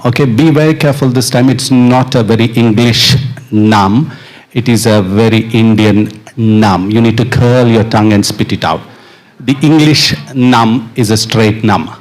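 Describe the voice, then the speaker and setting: Speaking into a stage mic at a live dance show, a percussionist leads the crowd through a participation exercise. He's playful and encouraging, laughs a lot, and his pitch is fairly low.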